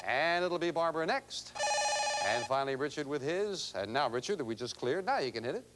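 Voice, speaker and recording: Man, game show host, bright chatty emcee, lively swooping pitch, fairly high voice. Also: brisk, very noisy. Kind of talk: lively studio banter. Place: TV studio with audience.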